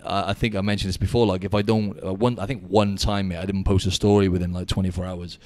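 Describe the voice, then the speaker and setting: A man from the UK hosting a casual podcast chat over a video call, chatty and animated, often calling his co-host "mate". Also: deep voice, fast, no echo. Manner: chatty, animated storyteller, says "mate" a lot. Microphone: Skype call.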